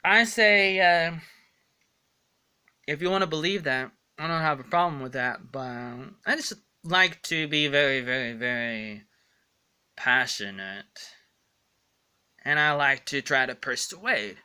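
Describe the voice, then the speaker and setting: Rambling man with a bright, clear voice. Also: a little high, unhurried, long pauses. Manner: rambling, stumbling over words, earnest. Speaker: vlogger. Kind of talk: rambling casual vlog monologue.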